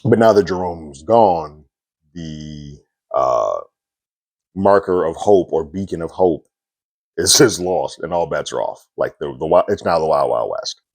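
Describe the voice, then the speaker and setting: Brief: male reviewer, deep voice, dry close sound, chatty recap with fillers. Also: expressive, unhurried, a little mellow, no echo. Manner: loose and conversational, frequent fillers and little laughs. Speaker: TV episode reviewer.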